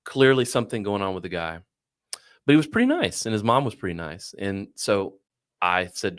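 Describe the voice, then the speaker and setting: A middle-aged man telling a long story casually, animated, swearing and acting out what others said. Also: on the low side, a little fast. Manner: animated, swearing, acts out quoted voices. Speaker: podcast guest.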